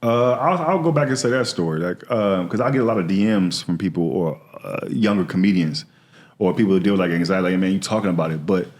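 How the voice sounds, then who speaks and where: A man's voice: low voice, quick pace, darkish tone. A man, a comedian guest on a podcast, telling candid, slangy and earnest stories from his life in casual conversation.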